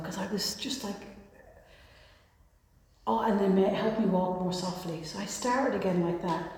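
A woman's voice: on the low side, steady tone, moderate pace, mellow. A woman giving a rambling, self-mocking personal talk about recovery to an audience, with many restarts. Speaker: recovery meeting speaker. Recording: echoey hall.

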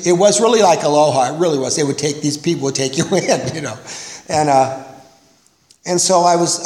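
An older man from California telling a rambling, self-mocking story to an audience, acting out the voices he quotes. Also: a little high. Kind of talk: personal recovery story to an audience. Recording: echoey hall, faint noise.

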